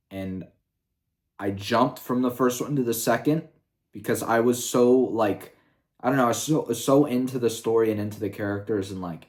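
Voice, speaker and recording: A man with a somewhat low voice talks through a review vlog in a loose, rambling way. He swears freely and leans on fillers as he goes. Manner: rambling and profane, heavy with fillers. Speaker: video reviewer.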